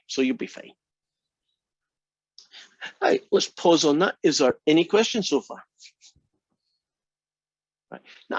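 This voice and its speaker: A man's voice: medium pitch, no echo, dull audio. Scottish man giving a chatty lecture. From Scotland. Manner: dry teasing humor, relaxed and chatty. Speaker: college math instructor. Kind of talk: classroom lecture.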